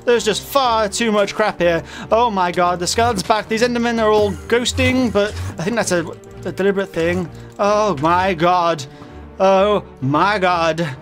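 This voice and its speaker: Over soft background music, a male gaming host narrates a Minecraft modpack let's play in a high, raised voice that is turning hoarse. His pace is measured, yet he's jumpy, shifting from mumbles to panicked yells and constantly using fillers and correcting himself.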